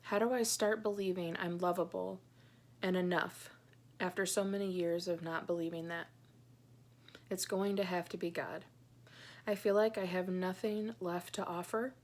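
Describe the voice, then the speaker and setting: Soft, hesitant woman in her thirties. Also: lowish voice. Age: 30s. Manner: soft, hesitant, many ums; earnest and heartfelt. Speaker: Christian blogger. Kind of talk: personal vlog, reading her own journal aloud.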